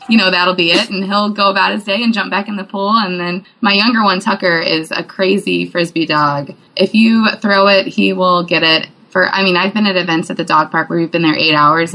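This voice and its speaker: A woman's voice: fairly low pitch, bright, forceful tone, poor audio. A woman guest on an interview, chatting eagerly and laughing as she tells stories about her dogs. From St. Louis area. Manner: enthusiastic, laughing storyteller. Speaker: guest dog owner. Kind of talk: casual interview chat.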